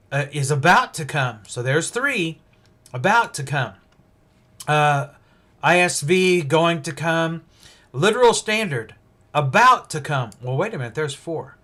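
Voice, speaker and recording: This is a rambling livestream preacher, a man with a slightly high voice hosting a casual Bible study. He thinks aloud rather than following a script, and his speech is full of restarts and fillers.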